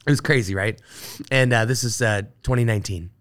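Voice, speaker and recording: A man's voice: lowish voice, fairly quick, a bit bright. A man on a casual chat show, telling a long story full of asides and acted-out quotes. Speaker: guest, brewer.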